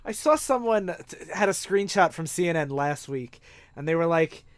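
Podcast co-host, young man, high voice, dry close sound, jokey banter. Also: expressive, moderate pace, dry recording. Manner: joking, laughs often.

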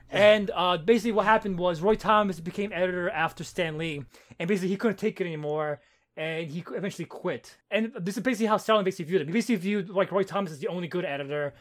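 A man in casual chat, retelling a comic's plot in a rambling, animated way with many fillers and restarts. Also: high-pitched, quick pace. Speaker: comic book podcast co-host.

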